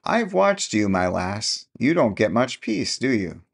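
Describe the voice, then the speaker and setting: A man's voice: on the low side, big pitch swings, unhurried, gravelly, husky, heavily acted. A man voicing a sly old countrywoman who has long pretended to be deaf, speaking in a rustic dialect with a knowing chuckle. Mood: conspiratorial.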